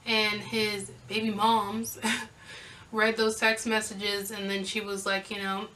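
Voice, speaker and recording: Bright, sassy young woman vlogger. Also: medium pitch, slow, distant mic, rough recording. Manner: sassy, animated retelling with quoted back-and-forth. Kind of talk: casual storytime.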